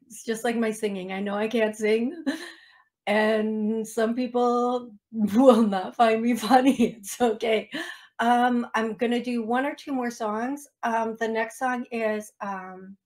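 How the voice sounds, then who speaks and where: A woman's voice: on the high side, fairly even intonation, a little slow, darkish tone. A woman hosting a psychic medium radio show, chatty and self-deprecating, often laughing at herself. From United States. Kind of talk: casual radio show talk.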